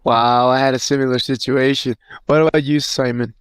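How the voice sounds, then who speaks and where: A man's voice: mid-range voice, steady tone, normal speed, clean tone, no room sound, studio quality. A man hosting a casual talk show, asking his guests questions and reacting briefly. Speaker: host. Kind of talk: casual chat.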